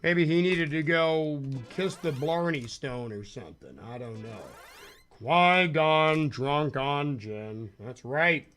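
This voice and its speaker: A male game streamer talking casually to his viewers in a loose, rambling way, full of jokes at his own expense. His voice sits a bit high for a man and has a bright, forward edge. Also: unhurried, hardly any pauses, a little hiss or hum. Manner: rambling, self-deprecating, jokey, chatting to viewers. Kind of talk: casual live-stream chat while playing.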